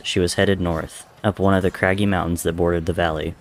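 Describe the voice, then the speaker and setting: A man reading a story aloud in a measured, dramatic way. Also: sits low, level tone. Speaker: narrator.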